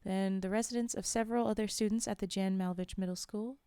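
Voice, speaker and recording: A woman reads horror stories aloud to her live stream audience, steady and mid-pitched, with casual asides between passages. She sits close to a microphone, and the sound is dry with no room echo. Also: fast, clear, resonant tone. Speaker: streamer and storyteller.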